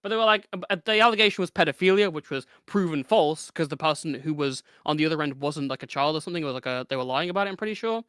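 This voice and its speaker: A man's voice: fairly high pitch, expressive, fast talker, hardly any pauses, a bit bright, clean tone, dry recording, clean studio sound. A young man, a guest on a casual chat show, telling a long story with lots of fillers and restarts. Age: teens.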